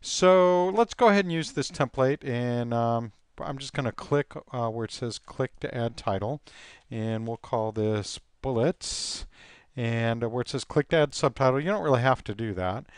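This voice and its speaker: Man, software tutorial, relaxed with lots of ums, smooth clear voice, dry close sound. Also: medium pitch, moderate pace, dry recording. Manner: relaxed, thinking aloud with many ums and uhs. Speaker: teacher. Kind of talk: screen-recorded software tutorial.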